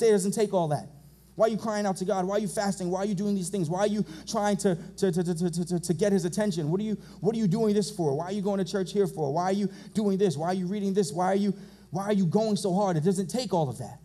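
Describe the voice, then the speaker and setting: Fervent high-voiced preaching man. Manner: fervent preaching, repeating phrases and rising to shouts. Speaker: pastor. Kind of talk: sermon. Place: church sanctuary.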